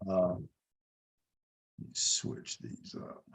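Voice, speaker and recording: A man with a Texan accent hosting a casual live show, telling stories and acting out the dialogue. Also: very slow. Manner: animated storyteller, acts out quoted dialogue. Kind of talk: casual live-stream chat.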